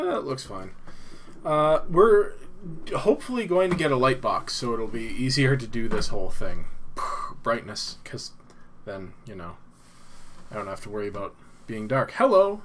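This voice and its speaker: A man's voice: mid-range voice, animated, measured pace, fairly bright tone, a little hiss or hum. A man hosting a casual evening livestream from home, rambling along and greeting viewers as they arrive. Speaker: livestream host. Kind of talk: casual solo livestream chat.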